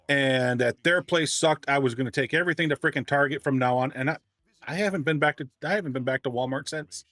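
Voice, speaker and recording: A man casually telling a long story on a livestream, ranting and animated, often restarting his sentences. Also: mid-range voice, fairly quick, no room sound.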